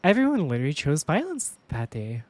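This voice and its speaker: A woman streamer with a low voice tells stories to her viewers in a casual, animated way. She swears a lot and laughs often, and the sound is dry and close. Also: fairly quick, no echo.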